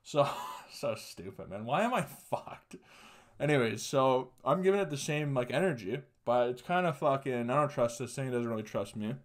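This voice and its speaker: A man's voice: medium pitch, animated, normal speed. A young man hosting a podcast, rambling through a personal story with lots of swearing and laughing asides. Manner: profane, rambling, laughs through sad stories. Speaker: podcast host. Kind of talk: casual storytelling monologue.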